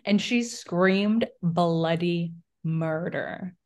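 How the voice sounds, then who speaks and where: A woman's voice: fairly low pitch, drawn-out words, darkish tone. A woman co-hosting a podcast in casual chat, telling stories with lots of "like" and acted-out quotes. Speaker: podcast co-host.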